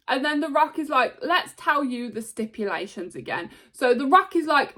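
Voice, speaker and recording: A woman in her thirties hosts a casual wrestling recap. Her voice sits fairly high. She talks in a chatty, excitable way and laughs often. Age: 30s. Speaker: show host.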